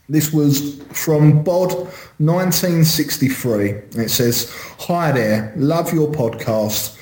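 A man's voice: fairly high pitch, takes it slowly, hardly any pauses, a little mellow, roomy sound, a little hiss or hum, rough recording. A man co-hosting a podcast, reading listener reviews with dry wit. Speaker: podcast co-host. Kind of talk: casual podcast chat, reading reviews aloud.

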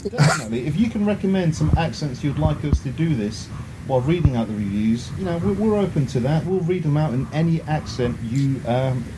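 A man's voice: fairly high pitch, lively intonation, a little fast, background noise. A man co-hosting a casual podcast, chatty and enthusiastic, laughing easily. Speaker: podcast co-host.

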